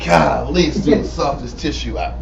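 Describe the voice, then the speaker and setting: A man's voice: medium pitch, animated, moderate pace, vocal fry, dull audio, a loud crowd. A man leading a casual bible study, joking and slangy, recorded from a distant mic. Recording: distant mic with background noise.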